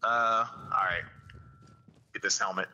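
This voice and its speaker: A man in a casual gaming chat, calmly giving his teammates steady tactical callouts. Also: lowish voice, takes it slowly, muffled recording, a little hiss or hum. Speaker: gamer calling out directions.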